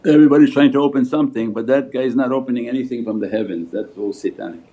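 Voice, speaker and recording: A man's voice: mid-range voice, very fast. Man teaching over phone-like audio. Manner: storytelling teacher, answers questions calmly. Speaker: Sufi shaykh. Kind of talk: spiritual talk and Q&A.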